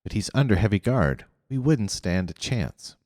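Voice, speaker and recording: A man's voice: fairly low pitch, very animated, moderate pace, darkish tone, dry recording, studio quality. A man voicing a careful, worried young boy in a storybook reading.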